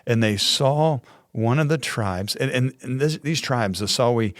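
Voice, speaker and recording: A man's voice: medium pitch, a little slow, no room sound, clean studio sound. A man co-hosting a church podcast, casually telling stories in a rambling way, with restarts. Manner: rambling, with frequent restarts and playful voices. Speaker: co-host. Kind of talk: casual conversational storytelling.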